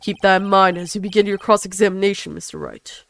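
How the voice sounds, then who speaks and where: A woman's voice: medium pitch, steady tone, creaky, a bit bright, no room sound. A woman doing a stern formal old judge. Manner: formal, measured rulings. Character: stern elderly male judge.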